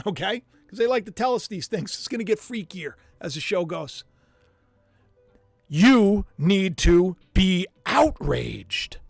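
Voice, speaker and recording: A man hosting a live stream, reacting to news clips in a mocking, animated way and humming as he thinks aloud. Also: high voice, no echo. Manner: animated and mocking, muses aloud with drawn-out hums. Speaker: livestream host.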